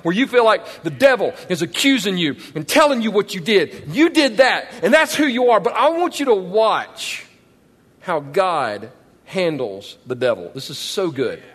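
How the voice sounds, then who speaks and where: A male pastor preaches with emphatic energy and keeps asking his audience questions. His voice is high and swings widely in pitch. A long reverb trails after him in a big auditorium. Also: normal speed. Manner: animated, emphatic, asks the crowd questions. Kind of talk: sermon. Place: large church auditorium.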